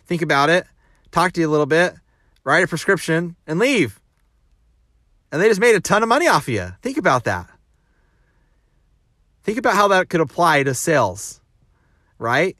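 A man's voice: on the high side, bright, forceful tone, dry recording, studio quality. A man talking casually as a sales coach, rambling with restarts and rhetorical questions.

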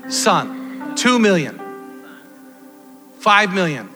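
Animated preacher in an echoing hall. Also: male voice, high-pitched, drawn-out words. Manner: animated, shouting at peaks. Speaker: pastor. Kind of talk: sermon. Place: church hall. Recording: long hall reverb, faint music.

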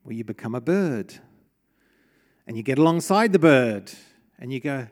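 A man's voice: mid-range voice, lively intonation, moderate pace, long pauses. A middle-aged man preaching a sermon in a church, in a conversational way, asking the congregation questions. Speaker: pastor.

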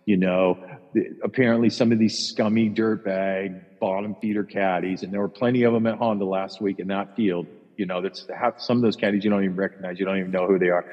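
A man's voice: low-pitched, steady tone, a little fast. A middle-aged man, a podcast co-host and caddie, telling a long rambling story in casual, profane chat, acting out other people's lines. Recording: dull lo-fi sound with long reverb.

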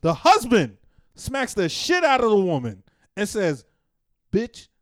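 Animated high-voiced man telling stories. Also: measured pace, no room sound, clean studio sound. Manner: animated storyteller, acts out quotes. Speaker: podcast co-host. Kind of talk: casual debate chat.

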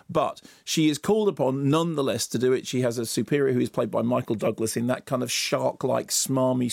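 A man reviewing films on a radio show, telling the plot in an animated, wandering way from a studio microphone. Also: mid-range voice, vocal fry, dry recording. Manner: animated, tangential, slips into comic voices. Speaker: film critic. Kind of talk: radio film review chat.

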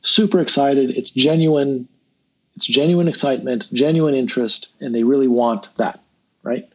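A man telling a long parable in a relaxed interview, acting out the people he quotes. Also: mid-range voice, normal speed, breathy edge. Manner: rambling, animated, acts out quotes. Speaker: guest. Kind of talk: conversational storytelling. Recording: dull lo-fi sound with faint noise.

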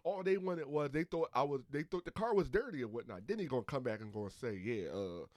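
A man casually telling a story among friends, animated and acting out the other people's lines. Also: fairly high pitch, fast talker, dry recording.

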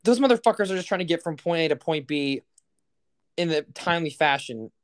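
A man's voice: fairly high pitch, lively intonation, brisk. A young man co-hosting a podcast in casual chat, rambling with lots of fillers and profanity. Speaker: podcast co-host.

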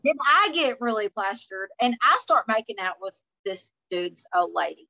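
A woman, a guest telling wild party stories in a loose, animated way. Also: medium pitch, moderate pace, dry recording, muffled recording. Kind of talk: casual storytelling chat.

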